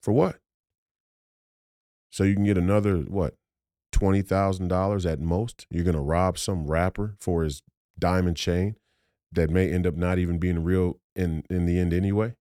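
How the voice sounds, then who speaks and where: A man's voice: low voice, steady tone, moderate pace, mellow, no echo, clean studio sound. A man hosting a podcast, giving a blunt, profane, confrontational monologue that repeats phrases for emphasis. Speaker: podcast host.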